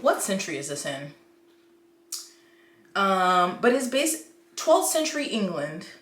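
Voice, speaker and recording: A woman chatting casually and excitedly about books she loves, acting out her own reactions. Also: mid-range voice. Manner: gushing, animated, quotes her own reactions. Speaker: book vlogger. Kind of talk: casual book review chat. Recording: echoey room with faint noise.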